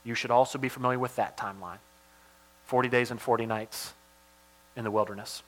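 Male pastor, sermon delivery, bright tone, animated with dynamic swings. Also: mid-range voice, brisk. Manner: animated, swings from loud emphasis to hushed asides.

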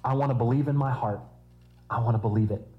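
A man's voice: mid-range voice, fast, lo-fi sound. A man preaching a sermon in a conversational style, with humorous asides.

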